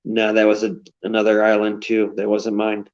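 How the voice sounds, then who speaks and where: Brief: male live-stream co-host over thirty, halting and unsure, muffled recording. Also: lowish voice, monotone. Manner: hesitant, stammers and restarts. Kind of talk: casual live-stream chat. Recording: dull, lo-fi sound.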